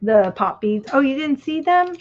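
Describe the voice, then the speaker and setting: A woman's voice: high voice, big pitch swings, normal speed, noisy background. A middle-aged woman chatting casually while she crafts on a livestream, reminiscing and trailing off as she works. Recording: dull lo-fi stream audio.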